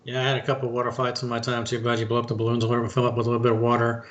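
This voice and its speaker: A man's voice: mid-range voice, monotone, racing, lo-fi sound. A middle-aged man co-hosting a casual talk show, telling a long story in a folksy way and calling listeners folks and bud. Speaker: podcast co-host.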